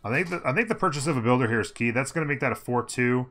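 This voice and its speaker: A man's voice: medium pitch, expressive, racing, fairly bright tone. A man giving upbeat, casual commentary on a strategy game, thinking aloud and humming as he plays. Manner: upbeat, thinking aloud, hums while playing. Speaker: gameplay commentator.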